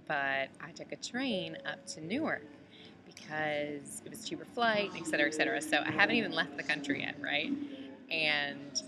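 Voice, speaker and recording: A woman's voice: low-pitched, background noise. A woman from the United States recording a casual video message to a friend from an airport layover, chatty and full of "like" and "um". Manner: chatty, heavy use of "like" and "um". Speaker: traveler on a layover.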